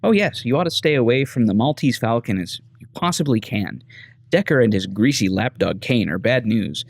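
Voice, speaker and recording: A man's voice: medium pitch, lively intonation, normal speed, vocal fry, no room sound. A man voicing a chatty female weapon-shop owner from a video game, telling gossip in an earnest, confiding way. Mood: gossipy.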